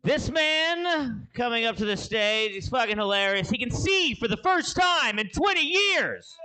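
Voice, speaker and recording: A man's voice: very high-pitched, sing-song, unhurried, hardly any pauses. A man hosting a comedy show on a club stage, joking about the last set and hyping up the next act. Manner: hyped, introduces acts with shouts.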